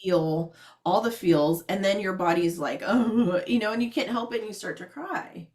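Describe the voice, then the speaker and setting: A woman chatting casually and telling a story, animated, acting out what people said and laughing often. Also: medium pitch, normal speed.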